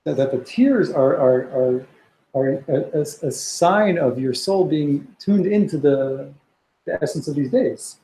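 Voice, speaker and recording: A man leads a text study class, reading Hebrew lines aloud and then unpacking them in plain English. His voice sits a little high, and he often restarts his sentences while he works through an idea. The classroom around him rings with echo. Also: lively intonation, a little slow, mellow, a little hiss or hum. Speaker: Torah teacher.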